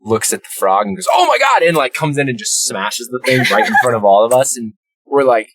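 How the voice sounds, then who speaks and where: A man's voice: mid-range voice, a little fast, background noise. A man in his thirties hosting a podcast who chats casually and tells rambling stories with many fillers and easy laughs. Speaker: podcast host. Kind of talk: casual chat, storytelling.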